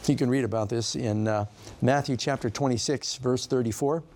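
A man's voice: mid-range voice, fairly even intonation, moderate pace, darkish tone, slight background noise. A middle-aged man preaching as a pastor, telling the story conversationally and asking his listeners questions. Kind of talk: sermon.

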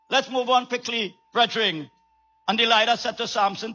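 A raspy-voiced male preacher delivering an emphatic sermon, repeating lines and calling for amens. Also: very high voice, steady tone, normal speed, sharp tone, highs cut off, soft background music.

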